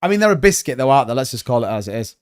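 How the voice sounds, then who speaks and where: A man's voice: medium pitch, sing-song, racing, clean tone. A man hosting a casual livestream, joking and bantering as he reads out chat comments. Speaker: crypto livestream host.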